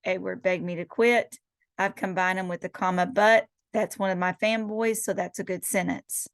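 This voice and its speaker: A woman's voice: mid-range voice, steady tone, moderate pace, no room sound. A middle-aged woman teacher going through quiz answers one by one, explaining each step with rhetorical questions. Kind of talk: recorded lecture going over quiz answers.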